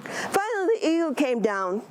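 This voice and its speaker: A woman storyteller telling traditional animal stories to a live audience with animated, expressive delivery and casual asides. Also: high-pitched, moderate pace, a little hiss or hum, low-quality recording.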